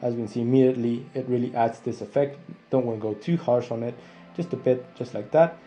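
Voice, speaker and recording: Young male tutor with a deep, dark tone and soft music underneath. Walks viewers through edits step by step. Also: quick pace. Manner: steady step-by-step walkthrough, addressing viewers as guys. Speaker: photo editing tutor. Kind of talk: screen-recorded software tutorial.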